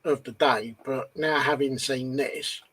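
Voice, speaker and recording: A man's voice: mid-range voice, fairly even intonation, measured pace, fairly bright tone, breathy edge, low-quality recording. A man co-hosting a casual live-stream chat, agreeable, with many short yeahs. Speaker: co-host.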